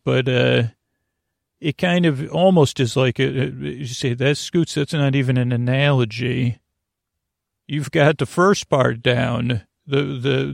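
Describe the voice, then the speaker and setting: Creaky-voiced man rambling at bedtime. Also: medium pitch, no room sound, studio quality. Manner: meandering, goes off on tangents. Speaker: sleep podcast host.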